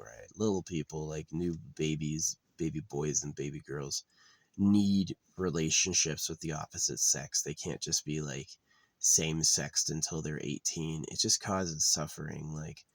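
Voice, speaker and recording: Guy rambling to camera, swears a lot, super low gravelly voice. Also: dry recording. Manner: rambling and profane, with many fillers. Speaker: vlogger. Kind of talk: casual vlog monologue.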